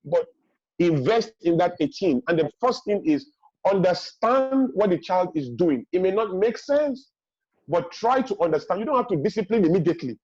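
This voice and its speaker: A husky man speaks in a high register. He gives forceful parenting advice as a webinar guest and hammers home each point by repeating it. The video-call audio is dry and dull. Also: sing-song, normal speed, no room sound. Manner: emphatic, repeats key points, acts out parents' lines.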